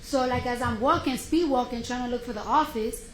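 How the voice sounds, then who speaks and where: A woman on the witness stand tells her side in a lively, storytelling manner, acting out each exchange. Her voice sits a little high and rings in an echoey courtroom. A faint hiss runs underneath. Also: a little fast. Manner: animated storytelling, acting out quotes. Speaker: witness testifying. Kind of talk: courtroom testimony.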